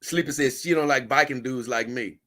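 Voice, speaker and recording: A man's voice: mid-range voice, brisk, pushed and bright. A man hosting a casual livestream, reading viewer comments and rambling on in loose, with chuckling asides. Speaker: livestream host.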